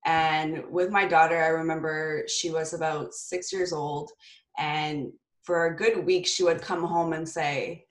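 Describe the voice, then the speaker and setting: A woman's voice: low-pitched, little pitch movement, measured pace. A woman telling earnest personal stories in casual conversation, often restarting her sentences. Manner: earnest, storytelling, frequent restarts. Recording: echoey room.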